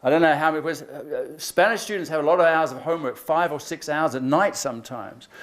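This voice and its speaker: A man giving a chatty, joking talk to a room of teachers, acting out kids' jokes in quick little voices. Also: on the high side, fairly bright tone. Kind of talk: lively conference talk to teachers. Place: lecture hall.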